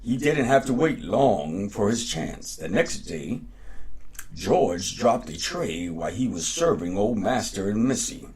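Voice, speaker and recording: A man hosting a show and reading a folktale aloud in a lively, unhurried way. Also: lowish voice, husky. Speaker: podcast host and storyteller.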